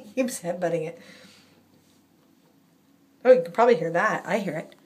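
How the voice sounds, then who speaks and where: A woman's voice: lowish voice, moderate pace, pauses often, a little mellow. A woman filming her foster cats at home on her phone, chatting along and cooing baby talk at them. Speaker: cat foster carer. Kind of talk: casual phone video with pets. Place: home indoors. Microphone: phone held in hand.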